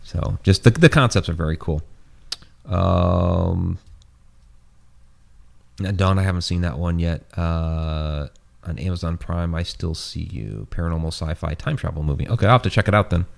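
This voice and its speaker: A man's voice: deep voice, moderate pace, gravelly. A man hosting a casual podcast chat, rambling with many fillers and restarts as he starts to lose his voice. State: losing his voice. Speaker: host.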